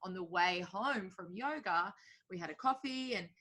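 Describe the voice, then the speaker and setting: Bright-voiced, reflective woman guest. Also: mid-range voice, normal speed. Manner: open, reflective, heavy use of filler words. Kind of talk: casual conversation.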